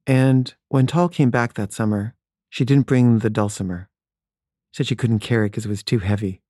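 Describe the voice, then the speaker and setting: A man tells a personal story in a candid, wry, conversational way. His voice is mellow and relaxed, and it sits at an everyday middle pitch. The sound is dry and close, with little room echo. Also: normal speed.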